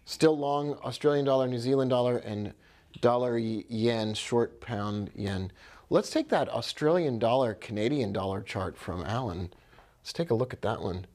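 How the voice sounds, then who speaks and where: A man's voice: mid-range voice, moderate pace, a little mellow. A man giving live trading commentary, thinking aloud with upbeat exclamations and talking to viewers by name. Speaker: forex trader.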